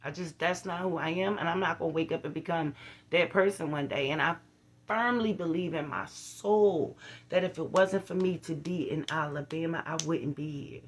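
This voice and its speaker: A woman's voice: on the low side, normal speed, slight background noise. A middle-aged woman, talking straight to her viewers in a casual vlog, earnest and blunt, often checking in with them. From Philadelphia. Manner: earnest, blunt, preachy, with frequent "you feel what I'm saying" asides. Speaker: vlogger. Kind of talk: casual direct-to-camera vlog.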